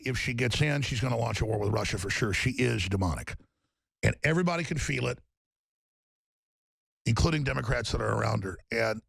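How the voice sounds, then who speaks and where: Gravelly ranting talk radio man. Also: medium pitch, dry recording, clean studio sound. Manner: impassioned, shouting, emotional tirade. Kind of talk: ranting talk show monologue.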